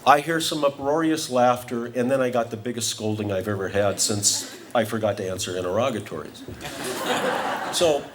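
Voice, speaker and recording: A man's voice: medium pitch, moderate pace, crowd noise. A man giving a humorous acceptance speech, telling a comic story with careful timing. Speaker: award honoree giving a speech.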